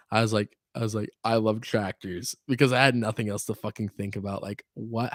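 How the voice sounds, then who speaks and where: A man's voice: lowish voice, no echo, studio quality. A young man hosting a podcast, talking in a laid-back, rambling way, full of fillers and swearing. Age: young adult. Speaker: podcast host. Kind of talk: casual chat.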